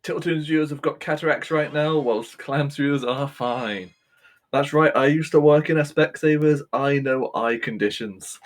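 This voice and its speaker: A man's voice: on the high side, moderate pace. Man, speedrun commentary, jokey, chatty, faint background music. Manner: joking, chatty, laughs often. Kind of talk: casual live commentary.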